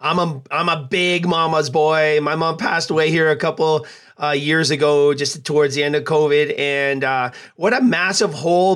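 A middle-aged man hosting a podcast, talking in a reflective, earnest way with pauses. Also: fairly high pitch, fairly bright tone. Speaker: podcast host and athletic trainer. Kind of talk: conversational interview.

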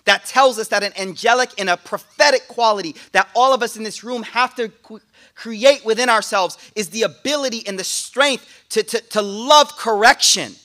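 High bright-voiced man preaching with energy. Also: moderate pace. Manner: energetic, joking, casual street slang. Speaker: sheikh giving a talk. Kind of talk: lively sermon to a class. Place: room with a listening audience.

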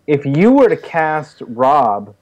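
A man co-hosting a podcast who poses questions in a hesitant, halting way. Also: fairly high pitch, sing-song, a little mellow, dull audio. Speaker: podcast co-host. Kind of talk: casual podcast banter.

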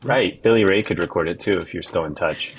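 A man co-hosting a podcast in a playful, joking way, with a husky voice. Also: low-pitched, a little fast, a little hiss or hum, low-quality recording. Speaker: podcast co-host. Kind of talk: casual chat.

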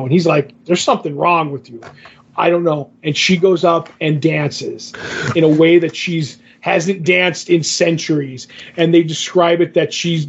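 A man with a slightly high, gravelly voice casually retells a comic book story on a podcast. He rambles, linking paraphrased lines with "he's like". The audio is a bit muffled and lo-fi. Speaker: podcast co-host.

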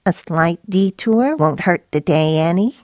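A woman voicing a short, fussy man who speaks in a mincing, squeaky way and drawls his words slowly. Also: lively intonation, darkish tone, no room sound, clean studio sound. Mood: languid.

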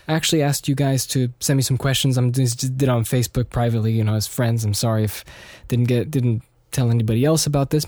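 A man's voice: mid-range voice, a little mellow, no room sound. A young man talks through a casual solo podcast, slightly nasal and self-deprecating. He rambles, restarts his sentences and wanders between thoughts. The sound is close and dry. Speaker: podcast host.

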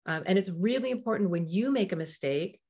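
A woman's voice: mid-range voice, animated, a little fast, darkish tone, husky. A middle-aged woman hosting a parenting podcast, talking through advice in a chatty way, with asides and little acted-out quotes. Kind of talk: casual advice talk.

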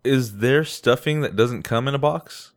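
A man's voice: mid-range voice, a little slow. A young man co-hosting a podcast, talking in a rambling, hesitant way and laughing often. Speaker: podcast co-host. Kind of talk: casual crude banter.

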